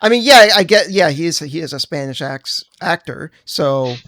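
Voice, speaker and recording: A man with a fairly high voice talks in an easygoing, enthusiastic way as a podcast co-host. He laughs easily, and his voice sits close and dry on the mic. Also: expressive, moderate pace, pushed and bright, no room sound. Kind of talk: casual podcast discussion.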